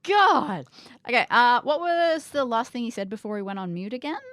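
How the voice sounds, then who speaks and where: A woman playing a mystery game, reacting in an expressive, outspoken way. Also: fairly high pitch, fast talker, no room sound, clean studio sound. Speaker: player. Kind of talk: casual game chat.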